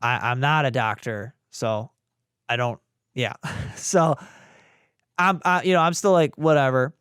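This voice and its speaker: A man's voice: mid-range voice, a little slow, smooth, no echo, studio quality. A young man, a podcast co-host, casually telling a story and acting out the voices of the people in it. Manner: animated, acts out voices in the retelling.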